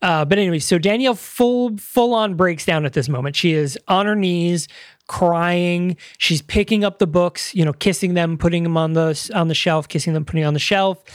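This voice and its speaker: A man with a fairly high voice walks through a movie's plot in a relaxed podcast chat. He recaps scene by scene, padding his sentences with fillers, and the recording is dry and close. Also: normal speed, no echo. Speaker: podcast co-host. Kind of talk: casual movie-review chat.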